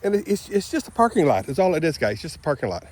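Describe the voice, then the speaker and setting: An older man from Michigan rambling in a casual vlog while walking around his property outdoors, often clearing his throat and drifting into asides. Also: on the high side, sing-song, fast, darkish tone. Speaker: vlogger.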